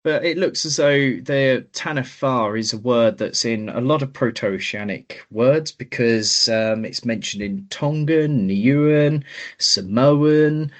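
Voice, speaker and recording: A man's voice: medium pitch, slow. A man co-hosting a podcast, explaining a legend in casual chat with lots of hesitant ums. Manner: hesitant, many ums while explaining research. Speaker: podcast co-host.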